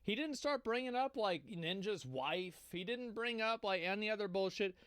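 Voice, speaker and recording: Brief: male streamer, higher voice, loose profane reaction chatter, dry close mic. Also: animated, moderate pace, fairly bright tone, clean tone, no room sound. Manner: casual, profane, amused. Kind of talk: casual reaction commentary.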